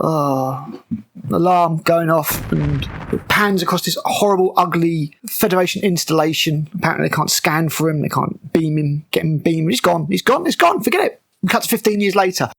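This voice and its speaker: Gravelly, sarcastic man ranting. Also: on the high side, a bit bright. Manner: sarcastic, exasperated, swears freely. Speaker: show reviewer. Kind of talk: ranting episode recap.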